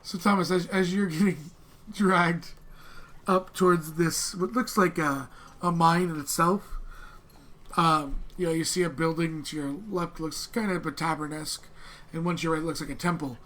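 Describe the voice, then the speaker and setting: A tabletop game master with a fairly high, slightly bright voice and fairly even intonation narrates in a halting way, full of filler words and restarted sentences.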